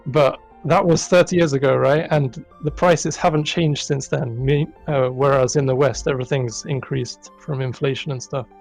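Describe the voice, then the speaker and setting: Guy with a gravelly voice, deadpan jokes, faint music in the background. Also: mid-range voice, normal speed, hardly any pauses, low-quality recording. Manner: dry, deadpan humor, laughs often. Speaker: interview guest, asset developer. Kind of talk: casual live-stream interview.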